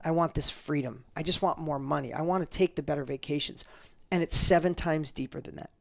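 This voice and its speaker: A middle-aged man telling a personal story in an interview, fast and emphatic, acting out the dialogue he quotes. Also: on the high side, gravelly.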